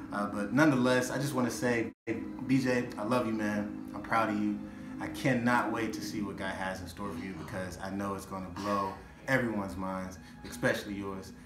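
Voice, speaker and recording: Young man in an echoey room, telling a story. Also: fairly low pitch. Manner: lively storyteller, earnest. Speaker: brother giving a tribute. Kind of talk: casual spoken tribute. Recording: echoey room with background hiss.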